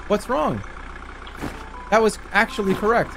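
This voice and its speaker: A man in his thirties playing a video game, swearing and swinging between low mutters and excited yelps. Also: moderate pace, background noise. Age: 30s. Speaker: streamer. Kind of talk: let's play commentary.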